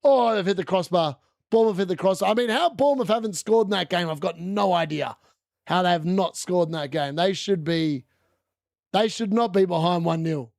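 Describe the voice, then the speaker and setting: Excitable high-voiced man, live football watchalong. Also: moderate pace, creaky, dry recording, clean studio sound. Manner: excitable, shouting at goals, chatty asides. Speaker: fantasy football streamer hosting a watchalong.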